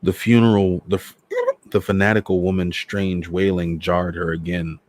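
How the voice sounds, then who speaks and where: A man hosting a storytime show, reading a novel aloud in a measured, dramatic way. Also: low-pitched, little pitch movement, a little mellow. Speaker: storyteller host.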